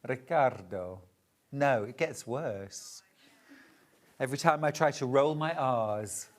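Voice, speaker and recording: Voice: medium pitch, takes it slowly. Chatty shopping-channel presenter. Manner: chatty, gushes over the fabrics. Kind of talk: live TV sales presenting.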